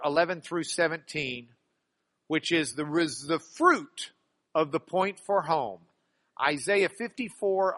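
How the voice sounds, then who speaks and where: A man preaching in a church with a high, bright voice. He is lively and playful, and he acts out the scripture he quotes with humor. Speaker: pastor. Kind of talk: sermon.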